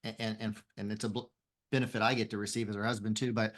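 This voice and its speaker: A man's voice: fairly low pitch, level tone, fast. A man who is a guest on a podcast, explaining his business earnestly with frequent restarts. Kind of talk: conversational interview.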